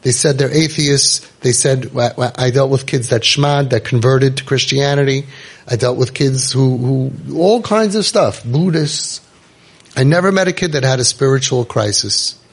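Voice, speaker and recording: A man's voice: mid-range voice, measured pace, creaky, husky. A middle-aged man gives an emphatic, storytelling inspirational talk, acting out the voices he quotes. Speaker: youth program founder and speaker.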